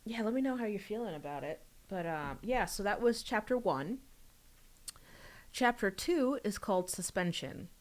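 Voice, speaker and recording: Chatty young woman streaming her book. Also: normal speed. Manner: chatty, giggly and rambling, with sudden high excited bursts. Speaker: author streaming a book reading. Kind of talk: casual livestream chat.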